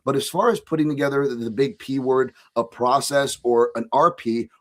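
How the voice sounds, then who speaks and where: A man's voice: medium pitch, normal speed. A man from Hawaii talking casually as a fight analyst on a podcast, rambling with lots of restarts. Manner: rambling, restarts, frequent "right?".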